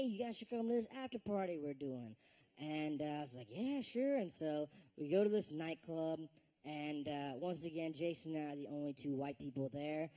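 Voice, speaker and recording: A man performing a stand-up routine on stage, telling stories in an animated way with voiced reactions. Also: sits high. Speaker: stand-up comedian. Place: live show on stage.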